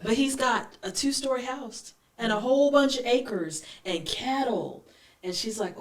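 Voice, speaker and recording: Woman host, animated storyteller, echoey room, mic at a distance. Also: on the high side, measured pace. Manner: animated storyteller, acts out characters. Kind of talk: storytelling talk show. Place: room with guests.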